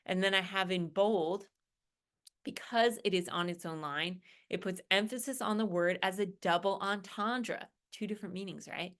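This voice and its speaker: A woman's voice: medium pitch, moderate pace. A woman college English instructor in a recorded lecture, walking students through an assignment in a conversational way and often checking in with "right?" and "okay?".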